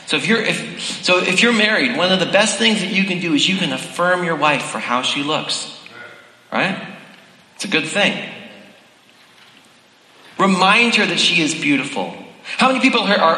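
Male pastor, high and bright, preaching straight to the congregation; roomy hall with long reverb. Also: animated, measured pace, long pauses. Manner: direct, addresses the congregation. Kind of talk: sermon.

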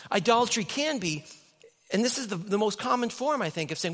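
A man preaching a sermon as the pastor in a church, telling stories in an animated way and acting out the voices in people's heads. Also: sits high, a little fast. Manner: animated storytelling with acted inner voices. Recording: long reverb of a church hall.

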